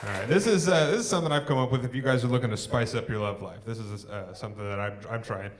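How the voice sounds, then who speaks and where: A young man doing a live stand-up set on a theatre stage, working the crowd with dry one-liners and pausing for laughs. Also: mid-range voice. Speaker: stand-up comedian. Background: crowd laughing and clapping.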